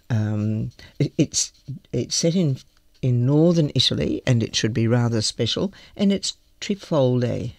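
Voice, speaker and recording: A woman's voice: rumbling low, gravelly, no room sound, studio quality. A woman hosting a talk show, chattily introducing the coming segments with some hesitant restarts. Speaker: radio show host.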